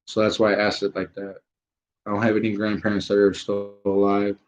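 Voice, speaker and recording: A man's voice: fairly low pitch, completely flat delivery, a little fast. Emphatic ranting man on a livestream. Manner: emphatic, repetitive insistence. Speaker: livestream host. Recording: roomy, dull lo-fi livestream audio.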